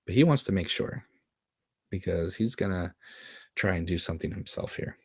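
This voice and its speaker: A man's voice: sits low, normal speed, a little mellow, slightly rough, no room sound, clean studio sound. A man hosting a casual watchalong, chatting about a television episode, laughing often and quoting lines from the scene. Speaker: show host commenting on an episode.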